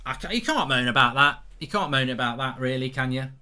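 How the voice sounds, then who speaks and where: Excitable man commentating a live match. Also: medium pitch, brisk. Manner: excitable, reads viewer messages aloud, rises sharply in big moments. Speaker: football watchalong host.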